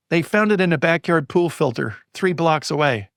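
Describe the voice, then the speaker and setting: A middle-aged man telling a personal anecdote as a guest on a podcast interview, building excitement as he goes. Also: a little high, normal speed, gravelly, no room sound, clean studio sound. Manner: lively storyteller, building excitement. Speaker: guest speaker on storytelling.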